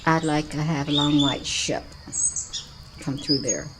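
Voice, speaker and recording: A woman's voice: low-pitched, a little slow, a loud crowd. A woman vlogger chatting casually while she films the sky outdoors, coaxing and calling everyone honey. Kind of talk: casual running commentary while filming. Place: outdoors by her house with birds around. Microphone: camera mic. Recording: loud outdoor noise with birdsong.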